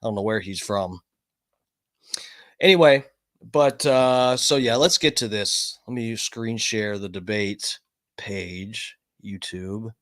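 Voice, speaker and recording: A man's voice: on the low side, slow, fairly bright tone. Profane, rambling male streamer. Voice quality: loose and profane, self-mocking. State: coughing from smoking. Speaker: streamer host. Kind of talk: casual livestream chat. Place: home studio.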